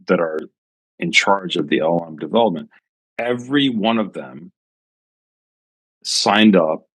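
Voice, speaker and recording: A man's voice: low-pitched, fairly bright tone, no room sound. A man co-hosting a casual tech podcast, building an argument with many restarts. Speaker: podcast co-host.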